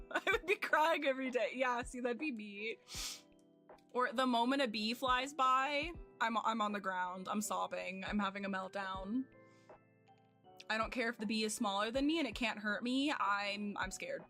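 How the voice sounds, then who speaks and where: A young woman streamer chats casually from home, her voice bright and clear over faint background music. She rambles and pokes fun at herself, with plenty of fillers. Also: on the high side, fairly even intonation, a little slow. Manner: rambling, self-deprecating, lots of fillers. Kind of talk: casual chat with chat while gaming.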